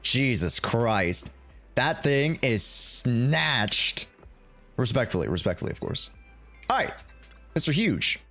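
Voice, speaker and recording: A young man hosting a live reaction stream, talking in a loose, slangy way and breaking into laughs. His pitch bounces around a lot. Faint music plays behind him. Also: big pitch swings, slow, a bit bright. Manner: hyped, slangy, laughing often.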